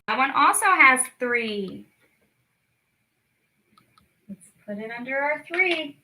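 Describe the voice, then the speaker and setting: Bright, slow-talking woman teaching children. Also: sits high, animated, rough recording. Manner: slow, drawn-out words for children, encouraging. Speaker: speech clinic storytime teacher. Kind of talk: children's lesson, clapping out syllables.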